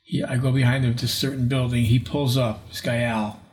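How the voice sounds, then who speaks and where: His voice medium-pitched, darkish and level, a man in his sixties who investigates the paranormal speaks fairly quickly in an interview. He rambles through a story and performs the voices of the people he quotes.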